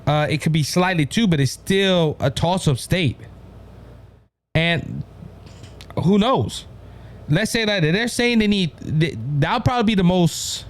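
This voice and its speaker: A man with a Cajun accent from Louisiana hosts a political commentary show. His voice sits high for a man, and he talks in an animated, chatty way, calling out to "ladies and gentlemen" as he goes. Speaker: host.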